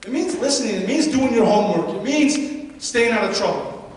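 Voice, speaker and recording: High-voiced man coaching in an echoey hall. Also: normal speed, slight background noise. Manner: energetic, asks the audience questions. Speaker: guest speaker at a youth baseball seminar. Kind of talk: motivational talk to players and parents. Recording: echoey hall, mic far off.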